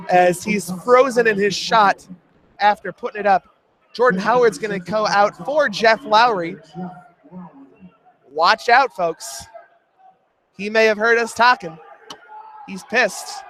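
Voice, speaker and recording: A young man doing jokey, rapid play-by-play commentary for a college radio basketball broadcast. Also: a bit bright, a little hiss or hum. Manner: jokey, rapid play-by-play that jumps in pitch on big shots. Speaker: play-by-play announcer.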